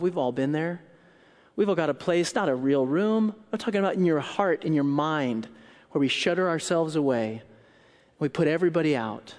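A male pastor preaching a sermon, telling a story with dramatic shifts between loud outbursts and hushed, quiet lines. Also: on the high side. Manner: animated storytelling, acts out scenes with loud outbursts and hushed quotes. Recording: long hall reverb.

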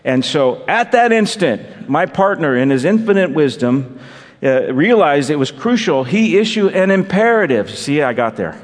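A man's voice: a little high, big pitch swings, normal speed, in a large hall. A man preaching a sermon as pastor, telling a personal story with wry humor and asides to the congregation. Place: church.

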